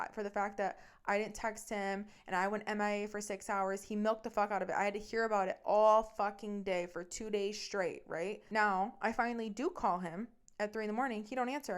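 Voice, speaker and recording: A woman hosts a casual storytelling podcast at a mid-range pitch. She is blunt and swears freely, and she speeds up in an animated way as she retells what happened. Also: brisk, few pauses, clear, resonant tone. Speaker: podcast host.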